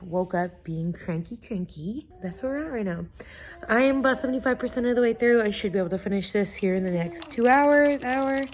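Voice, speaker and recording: A woman's voice: medium pitch, a little mellow, a little hiss or hum. A young woman, chatting casually in a book vlog, gushing and full of fillers. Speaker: book vlogger.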